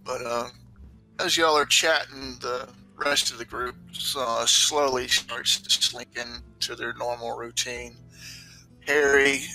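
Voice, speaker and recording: A man narrating a tabletop role-playing game as game master, in a relaxed, rambling way. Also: mid-range voice, poor audio.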